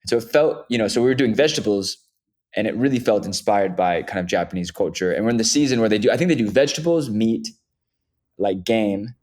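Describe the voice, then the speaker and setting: A young man co-hosting a podcast who tells stories in an animated way, acting out what people said. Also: lowish voice, quick pace. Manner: animated storyteller, acts out quotes. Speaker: podcast co-host. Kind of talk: casual podcast conversation.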